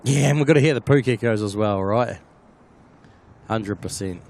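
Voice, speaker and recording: A man's voice: on the low side, normal speed, vocal fry, a little mellow, a little hiss or hum. A man with a New Zealand accent hosting a casual plane-spotting live stream, chatting and answering viewers by name.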